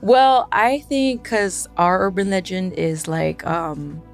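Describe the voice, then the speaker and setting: A young woman with a fairly low voice tells a spooky personal story as a podcast guest. She talks casually and animatedly, laughs often and acts out the voices of her friends. Faint music plays underneath. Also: lively intonation, slow pace, gravelly.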